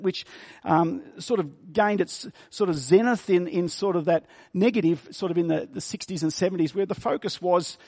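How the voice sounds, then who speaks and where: A man preaching a sermon. He reads scripture slowly and stresses key words by repeating them. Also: high-pitched, darkish tone. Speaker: pastor.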